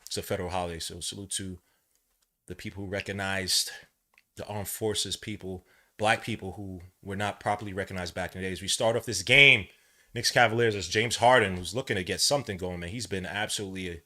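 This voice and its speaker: A man from New York hosting a live watch-along, rambling between casual play-by-play and chat, and shouting when plays excite him. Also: sits low, brisk. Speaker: podcast host doing a game watch-along.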